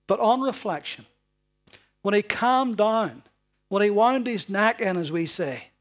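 A man preaches to his congregation in an easygoing, conversational sermon, checking in with tag questions as he goes. His voice sits fairly high for a man. Soft music plays faintly in the background. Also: animated, unhurried. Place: church hall before a congregation.

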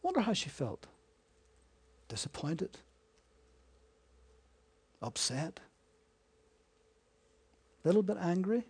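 A man preaching a sermon, asking his listeners rhetorical questions and swinging between hushed and emphatic delivery. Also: sits high, big pitch swings, takes it slowly, long pauses, husky.

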